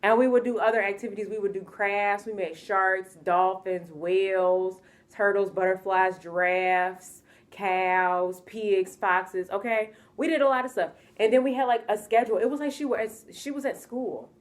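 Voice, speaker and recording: An animated young woman from the United States tells a story in a casual vlog. She sounds exasperated and acts out the people in it in their own voices. Her voice sits at an average pitch for a woman. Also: moderate pace, few pauses. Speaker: vlogger telling a story.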